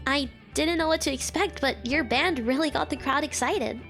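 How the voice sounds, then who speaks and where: A woman's voice: sits high, normal speed, creaky, a bit bright, soft background music. A woman reading a friendly party host. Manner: polite, encouraging reading of game lines.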